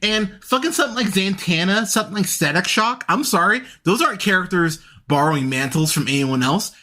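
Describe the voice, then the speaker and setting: A man's voice: high-pitched, animated, a little fast, sharp tone. A man hosting a podcast, ranting in heated, profane, exasperated commentary, with sarcastic mock voices. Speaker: podcast host.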